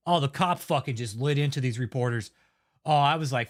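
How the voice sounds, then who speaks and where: A man's voice: mid-range voice, brisk. A man hosting his own channel, delivering a heated, heavily profane and blunt rant of commentary. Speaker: channel host. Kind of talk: angry ranting commentary.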